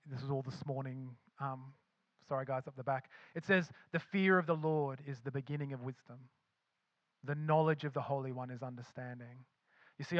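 Male pastor, sermon delivery, emphatic and repetitive, slightly high voice, dry muffled sound. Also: no room sound. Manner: acts out imagined voices of believers.

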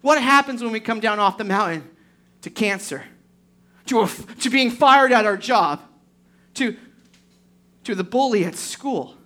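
A woman's voice: medium pitch, a bit bright. A woman preaching a sermon to a congregation, emphatic and full of rhetorical questions. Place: church service before a congregation.

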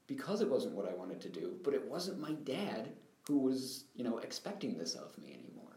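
A man's voice: medium pitch, big pitch swings, moderate pace, few pauses, darkish tone. A young man, a guest in an interview, recounting his life story in an earnest, reflective way. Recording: roomy echo.

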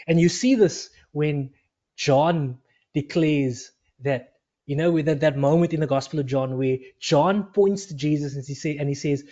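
A man's voice: fairly high pitch, normal speed, a little mellow, muffled recording. A man preaching an earnest sermon, retelling scripture as a story and repeating phrases for emphasis. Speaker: pastor.

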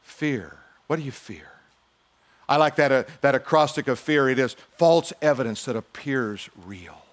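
A man's voice: mid-range voice, animated, moderate pace. A male pastor preaching a sermon in a conversational style, with humorous asides and acted-out quotes.

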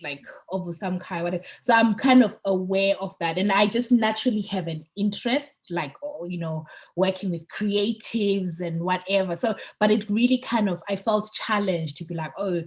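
A woman co-hosting a podcast in casual chat, chatty and getting excited on politics, with lots of fillers and restarts. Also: mid-range voice, normal speed. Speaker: podcast co-host.

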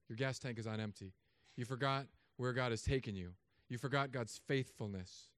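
A man in his thirties, a pastor, preaching a sermon with humor and animated storytelling asides. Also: mid-range voice, smooth, no room sound.

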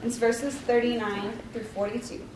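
A woman's voice: on the high side, level tone, moderate pace, noisy background. A woman leading a casual devotional talk, chatty and rambling, with lots of likes and ums and a self-deprecating tone. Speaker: Bible study leader. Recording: roomy, distant mic, faint ambience.

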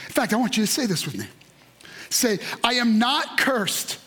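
A man preaching a sermon, with emphatic repetition, building to shouts and leading the congregation in call-and-response. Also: very high-pitched, expressive, normal speed. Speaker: pastor.

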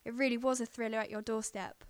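A woman hosting, briskly introducing the next storyteller. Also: fairly high pitch, little pitch movement, clear, resonant tone, dry recording. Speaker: host.

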